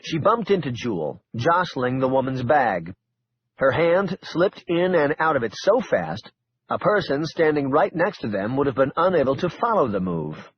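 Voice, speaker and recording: A man reading a thriller audiobook aloud in a steady, measured narration. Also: on the high side, husky, no echo, muffled recording. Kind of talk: scripted narration.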